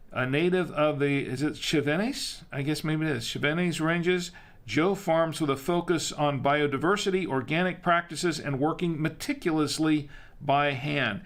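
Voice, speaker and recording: A man hosts a casual live-streamed wine show, talking in a loose, rambling way full of fillers and jokes at his own expense. His voice sits a little on the high side for a man. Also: a bit bright. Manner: rambling, self-deprecating, chatty with many fillers.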